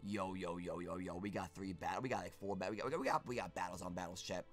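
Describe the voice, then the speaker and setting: A young man streaming live gameplay, talking through his moves and breaking into shouts when things go his way. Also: deep voice, quick pace, faint music behind. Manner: excitable, bursts into shouts.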